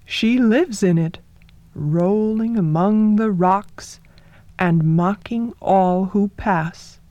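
A woman narrating a folktale in a soft, measured storytelling manner, sometimes dropping to a whisper. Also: medium pitch, no room sound, dull audio.

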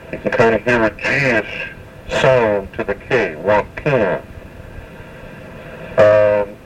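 A man giving a spoken language lesson, slowly and carefully repeating words to show their pronunciation, with many hesitations. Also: medium pitch, recorded from a distance, slight background noise, poor audio. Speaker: language teacher.

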